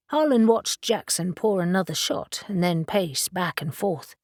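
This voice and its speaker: Woman reading an audiobook, low and dry. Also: expressive, measured pace, few pauses, no room sound. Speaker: audiobook narrator. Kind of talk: scripted audiobook narration.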